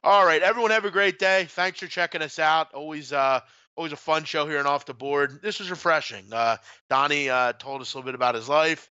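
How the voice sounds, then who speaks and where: A man's voice: on the high side, a little fast, sharp tone, clean tone, no echo, muffled recording. A man hosting a sports betting show, talking in loose, jokey casual banter and swearing freely.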